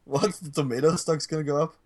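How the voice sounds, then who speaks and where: A man talks in a loose, rambling way on a casual podcast. His rants are full of profanity, and his voice sits a little higher than most men's. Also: fairly even intonation, fast, a little mellow. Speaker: podcast co-host. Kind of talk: casual chat.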